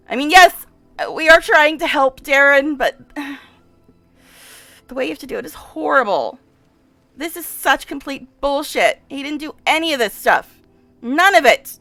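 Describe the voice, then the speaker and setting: A woman's voice: high-pitched, lively intonation, measured pace, long pauses, bright, forceful tone, no room sound, soft background music. A woman giving casual let's-play commentary and reading game text aloud, distressed and exasperated, sighing and repeating herself. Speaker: game streamer.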